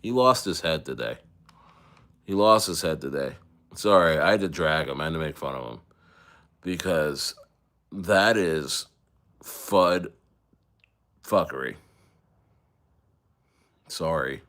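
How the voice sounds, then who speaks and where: A man's voice: very deep voice, expressive, slow pace, pauses often, a bit bright. A man talking casually on his crypto livestream, rambling and joking with frequent profanity and laughter.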